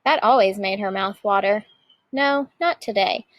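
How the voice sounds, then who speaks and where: A woman teacher reading a picture book aloud with lively expression. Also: mid-range voice, moderate pace, dry recording, poor audio.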